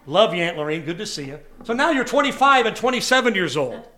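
High-voiced preacher man telling stories. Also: fast. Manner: animated storytelling with congregation call-outs. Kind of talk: sermon with personal stories. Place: church service before a congregation.

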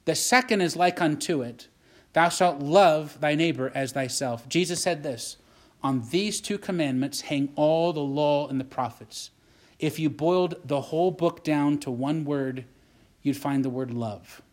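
Pastor, man, preacherly delivery with rising calls for agreement, voice sitting a little high. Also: unhurried. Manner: preacherly, asks "Amen?" and "Does that make sense?", repeats phrases. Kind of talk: sermon.

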